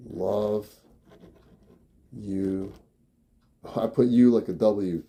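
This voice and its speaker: A man in his fifties live-streaming from his family home indoors, chatting casually with viewers and reading their comments aloud, often trailing off quietly. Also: on the low side, fairly even intonation, very slow, pauses often, breathy edge. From New York. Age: 50s.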